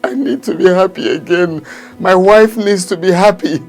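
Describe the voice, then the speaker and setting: A gravelly, tormented husband. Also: male voice, high-pitched, animated, moderate pace, faint music behind. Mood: anguished. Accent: Nigerian. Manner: pleading, rising into anguished shouts. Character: crippled husband tormented by a spirit. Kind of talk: Nollywood film acting.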